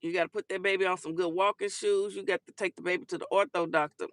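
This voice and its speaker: A woman's voice: on the low side, steady tone, fast talker, dry recording. A woman hosting a casual talk show, chatting and giving sassy commentary on viral clips, calling listeners honey and baby.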